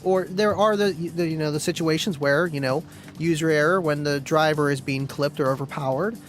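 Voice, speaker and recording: A man with a noticeably high-pitched voice hosts a casual live stream in a rambling, chatty way. He reads viewer comments aloud and keeps clearing his throat. Faint music plays under his talk. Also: steady tone, moderate pace, rough recording.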